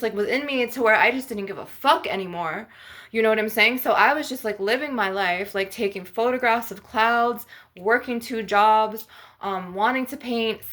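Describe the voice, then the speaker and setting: A woman's voice: fairly high pitch, sharp tone. A woman hosting her own channel, rambling through a personal story with lots of fillers and nervous laughs. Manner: rambling, heavy use of "like" and fillers; laughs through painful memories. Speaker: ASMR channel host.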